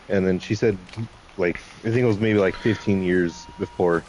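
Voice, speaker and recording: A man with a very deep, low voice talking casually with a friend. He is relaxed and easygoing, with brief replies and a faint hiss behind him. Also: a little slow, poor audio. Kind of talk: casual chat.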